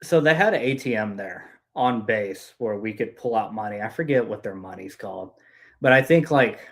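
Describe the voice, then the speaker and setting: A man's voice: fairly low pitch, expressive, normal speed, vocal fry. A young man on a podcast, telling casual deployment stories with lots of "dude" and profanity. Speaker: podcast guest. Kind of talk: casual chat.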